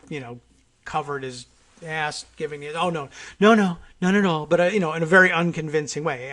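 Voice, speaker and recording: A man talks through the news on his own podcast with a slightly raised pitch. He rambles with plenty of "uh"s and restarts and keeps a dry, wry edge. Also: fairly bright tone. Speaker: podcast host. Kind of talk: casual political commentary.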